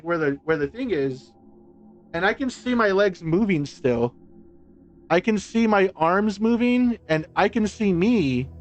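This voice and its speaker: On a live stream, a man with a high-pitched voice tells a personal story in a rambling, casual way, full of "like," restarts and some swearing. Faint music plays behind him, and the audio sounds dull.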